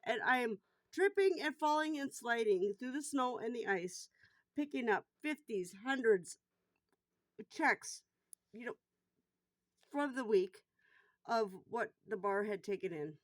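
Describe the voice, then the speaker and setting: A middle-aged woman, a bar worker, telling a personal story in a casual vlog. She talks bluntly, swears freely, and gets loud and worked up while retelling it. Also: on the high side, expressive, measured pace, long pauses, no room sound.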